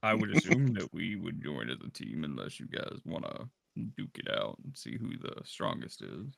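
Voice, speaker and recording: A man's voice: rumbling low, wildly swooping pitch, moderate pace, creaky, a bit bright, no echo. A man playing a tabletop game, chatting and joking with his group. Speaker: player. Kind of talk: casual tabletop game chat.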